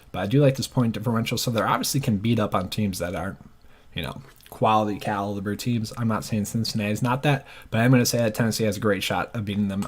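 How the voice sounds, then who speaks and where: Casual man talking through bracket picks on his own channel; low-ish voice, unhurried and hesitant. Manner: thinking aloud, hesitant, frequent fillers. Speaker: sports channel host.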